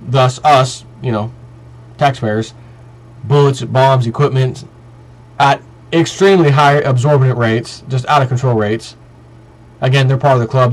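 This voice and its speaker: A man's voice: medium pitch, poor audio. A man vlogging in a heated monologue, ranting emphatically and piling up repetitive lists.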